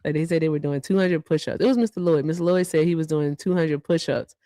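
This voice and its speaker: A woman with a low, mellow voice talks fast while co-hosting a livestream show. She chats casually and reads out thank-yous to viewers, adding asides, with no echo on the audio.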